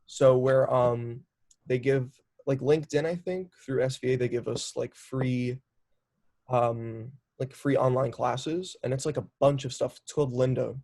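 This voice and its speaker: A young filmmaker in his twenties talks through his work in a loose, chatty way, dropping "like" every few words. His mid-range voice has a gravelly fry to it. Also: mid-range voice, a little slow. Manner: chatty, lots of "like" fillers, animated storytelling. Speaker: documentary filmmaker. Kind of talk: casual interview chat.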